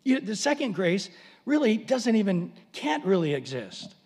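Male preacher, higher pitch, animated storyteller, long reverb of a hall. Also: unhurried. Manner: animated storytelling, dramatic pitch swings, humorous asides. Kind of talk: sermon.

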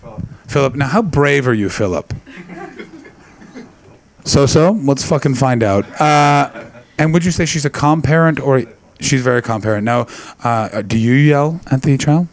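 A man's voice: medium pitch, normal speed. A man in his late twenties doing stand-up crowd work, brash, profane and teasing. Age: late 20s. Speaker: stand-up comedian.

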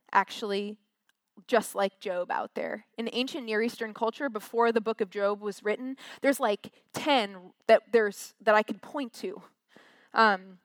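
A woman preacher with a medium-pitched voice, captured in a dry recording, delivers a casual, chatty sermon from a stage. She acts out quotes using little voices.

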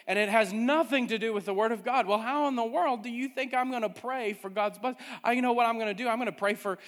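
A man preaches a sermon, pressing his points and circling back to the same refrain again and again. His voice sits fairly high for a man. The sound rings out with a long hall reverb. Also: fast talker, fairly bright tone. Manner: emphatic preaching with repeated refrains. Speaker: pastor.

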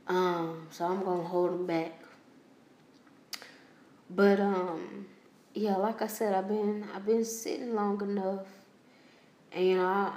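A woman hosting a personal podcast, talking haltingly with many fillers and restarts as she holds back tears. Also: on the low side, darkish tone, roomy sound, slight background noise. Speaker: podcast host.

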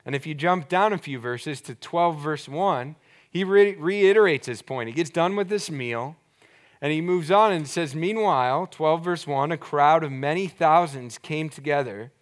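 Earnest male pastor preaching a sermon. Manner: earnest, explanatory, drops voice low for emphasis; slows down to stress key words.

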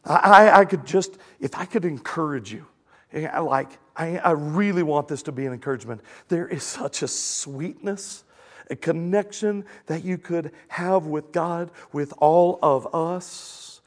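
High-voiced, animated male preacher. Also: measured pace. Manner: animated and emphatic, swings from loud exclamations to soft earnest asides. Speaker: pastor. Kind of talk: sermon.

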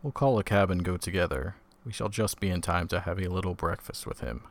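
A man reading the lines of a calm, brisk and kindly doctor who speaks in a practical way. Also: deep voice.

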